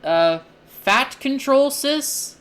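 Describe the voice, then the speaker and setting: A woman's voice: sits high, animated, extremely slow, a bit bright, a little hiss or hum. A young woman streamer commentating live on a game, flustered and joking, with lots of exclamations.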